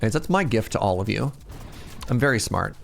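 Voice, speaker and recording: A man in his thirties giving casual, animated live-stream commentary as he plays, laughing often and chatting with his viewers. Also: lowish voice, a little fast, gravelly. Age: 30s. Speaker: game streamer.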